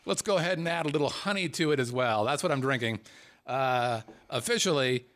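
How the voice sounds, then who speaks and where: Male podcast host, casual banter, jokey, animated pitch, laughs a lot. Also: brisk. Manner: joking, laughs often, lively swings in pitch. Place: Las Vegas.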